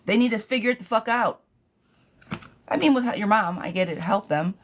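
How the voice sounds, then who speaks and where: A woman's voice: medium pitch, moderate pace, long pauses. Blunt, profane woman giving tarot advice. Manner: blunt, profane, animated advice with frequent "girl". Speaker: tarot reader. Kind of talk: live-streamed tarot reading.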